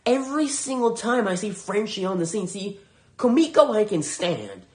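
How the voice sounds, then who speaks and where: A man's voice: high-pitched, big pitch swings, normal speed, darkish tone. A man hosting a podcast, reviewing shows in a heated, profane, sarcastic rant. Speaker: podcast host.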